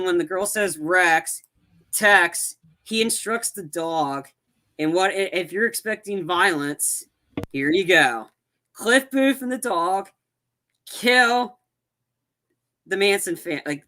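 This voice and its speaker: Podcast guy recapping a movie, bright sharp voice, keeps restarting sentences. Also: high-pitched. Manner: rambling retelling with many restarts and acted-out quotes. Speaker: podcast co-host.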